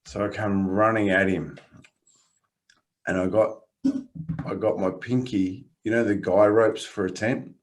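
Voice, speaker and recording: A man with an Australian accent and a fairly low voice talks as a coach in casual podcast conversation. His guidance is calm and encouraging, and his storytelling is lively and full of laughter. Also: unhurried, pauses often.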